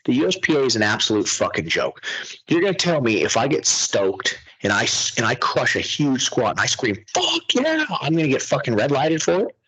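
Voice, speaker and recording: A man's voice: mid-range voice, a little fast, husky, poor audio. A young man hosting a podcast, ranting animatedly in profane casual chat. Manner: animated, ranting, heavy swearing. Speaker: podcast host.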